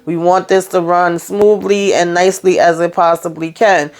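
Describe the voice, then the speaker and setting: Woman, casual TV recap host, fairly low pitch, slangy, retells scenes as dialogue. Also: little pitch movement, moderate pace.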